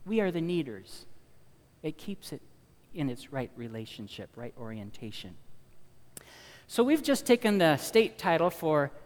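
A middle-aged man preaching a sermon in a folksy, storytelling way, slowing down to stress key lines. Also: fairly high pitch, big pitch swings, darkish tone. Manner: folksy, storytelling, slows down for emphasis. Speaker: pastor. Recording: long reverb of a large hall.

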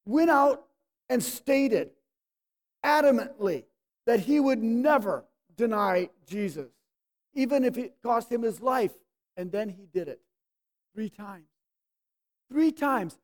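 A preacher delivers an emphatic sermon, drawing key words out slowly before pressing listeners with pointed rhetorical questions. The voice is mid-pitched with a darkish tone.

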